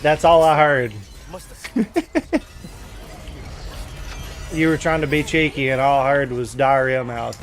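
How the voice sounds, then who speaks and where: A middle-aged man hosting a gaming stream, loud and joking with friends. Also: medium pitch, slow, long pauses. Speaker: streamer host. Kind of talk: casual gaming chat.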